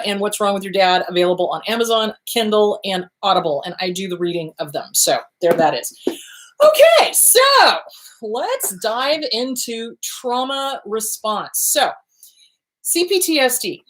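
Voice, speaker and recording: A middle-aged woman therapist hosting her show, explaining trauma responses in an animated, chatty way with frequent asides. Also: mid-range voice. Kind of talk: casual educational talk.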